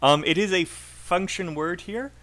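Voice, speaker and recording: A man's voice: sits high, measured pace, fairly bright tone. Encouraging British male teacher. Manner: patient, encouraging, drills sentences aloud. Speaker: IELTS teacher. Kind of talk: live online class.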